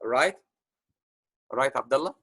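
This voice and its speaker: A man's voice: medium pitch, expressive, takes it slowly, gravelly, a bit bright, dry recording, poor audio. A man teaching an online grammar lesson, patient, repeating points with many fillers. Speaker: English teacher.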